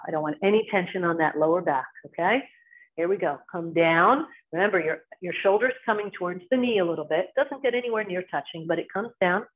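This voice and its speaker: A woman with a New Jersey accent leading a qigong class, giving short spoken cues timed to each movement. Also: medium pitch. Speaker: qigong instructor. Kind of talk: guided exercise class instruction. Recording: tinny phone-like sound.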